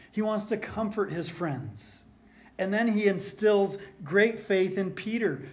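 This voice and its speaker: In a high voice, a pastor delivers an earnest sermon, driving home key lines by repeating them and occasionally quieting to a gentle hush.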